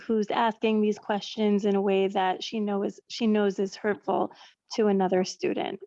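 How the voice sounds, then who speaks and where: Teacher, woman, gravelly edge, hesitant and rephrasing, on a muffled video call. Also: mid-range voice, dark tone, no room sound. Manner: searching, full of fillers and rephrasing. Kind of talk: question from a webinar attendee.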